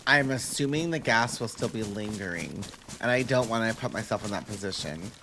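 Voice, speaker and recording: A man's voice: on the low side, lively intonation, fairly quick. A man streaming a game live, chatting casually with viewers and thinking aloud as he plays, with the odd hum between sentences.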